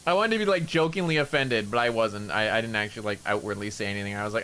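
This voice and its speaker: A man streaming a game, telling a story in lively casual chat with laughter and swearing. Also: lowish voice, quick pace, hardly any pauses, slight background noise. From Canada.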